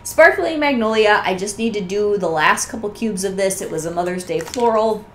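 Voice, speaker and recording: Enthusiastic woman, voice going hoarse. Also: mid-range voice, lively intonation, moderate pace. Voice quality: slightly hoarse, strained. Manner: enthusiastic, gushing, conversational. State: losing her voice. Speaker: vlogger reviewing wax melts. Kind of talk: casual show-and-tell chat. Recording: echoey room with faint noise.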